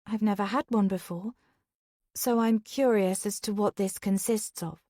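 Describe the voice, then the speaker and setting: A woman reading a first-person thriller audiobook as whispered role-play, soft and intimate. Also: medium pitch, fairly even intonation, a little slow, no room sound, studio quality. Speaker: audiobook narrator.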